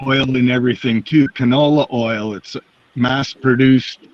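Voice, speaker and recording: A man's voice: medium pitch, steady tone, a little slow, dry recording. A man in a casual group chat ranting with exasperated complaints. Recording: dry, dull lo-fi sound.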